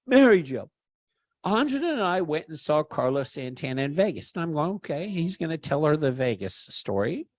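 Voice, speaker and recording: A man telling a story in a casual chat, animated, swearing freely and loudly acting out the people he quotes. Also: fairly high pitch, fairly quick, hardly any pauses. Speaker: podcast storyteller.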